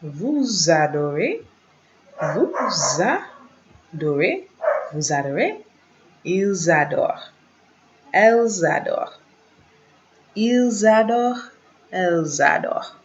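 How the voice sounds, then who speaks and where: A woman's voice: on the low side, sing-song, slow, long pauses, slight background noise. A woman teaching a French lesson, patiently repeating each conjugation and encouraging her students to practise. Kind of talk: slow classroom lesson, repeating drills. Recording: dull lo-fi sound.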